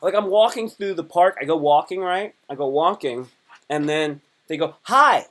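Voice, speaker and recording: A man's voice: fairly high pitch, moderate pace. Rambling, jokey man live streaming. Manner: rambling, self-interrupting, playful joking.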